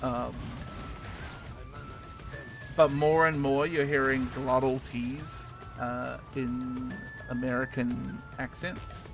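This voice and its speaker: Over background music, a Kiwi man chats casually on his game stream, rambling with fillers and the odd swear word. His medium-pitched voice is gravelly, fairly even in intonation, and he takes it slowly.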